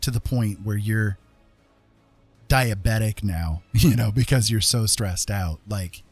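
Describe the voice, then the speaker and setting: A man's voice: fairly low pitch, slow pace, slightly rough, no echo, faint music behind. A middle-aged man hosting a livestream, talking casually in a loose, rambling way with lots of fillers and restarts. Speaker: livestream host.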